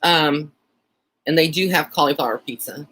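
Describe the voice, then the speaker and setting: A man's voice: on the high side, normal speed, sharp tone, husky. A man with a Texan accent hosting a casual live-stream chat, rambling along with plenty of fillers and easy laughs. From Texas. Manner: chatty and rambling, frequent fillers and light laughter.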